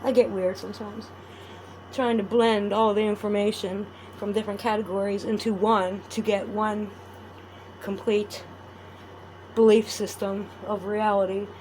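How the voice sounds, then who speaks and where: A woman's voice: mid-range voice, little pitch movement, unhurried, a little hiss or hum. A woman chatting casually to her viewers while crafting at home, rambling and friendly. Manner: rambling, chatty, talks to viewers warmly as "adorables". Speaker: vlogger.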